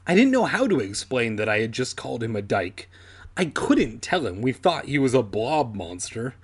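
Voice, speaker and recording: A man's voice: mid-range voice, big pitch swings, moderate pace, slightly rough. A man reading a children's horror book aloud for comedy, with irreverent, swearing asides. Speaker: reader.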